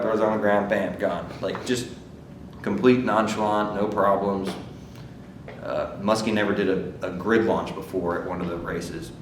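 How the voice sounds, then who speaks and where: A man's voice: deep voice, level tone, moderate pace, slight background noise. A man who races motorcycles, telling rambling stories in a casual interview, laughing often and saying "like" a lot. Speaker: motorcycle racer.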